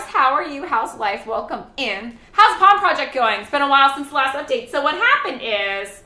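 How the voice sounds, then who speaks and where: A woman with a bright, somewhat high voice hosts a casual cooking stream from her home kitchen. She rambles cheerfully and greets viewers by reading their chat aloud. The room sounds echoey. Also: sing-song, normal speed, hardly any pauses. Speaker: charity stream host.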